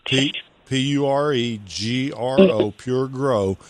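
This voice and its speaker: A man's voice: mid-range voice, slow pace, dry recording. A man hosting a call-in gardening radio show, giving rambling, folksy advice and spelling out product names.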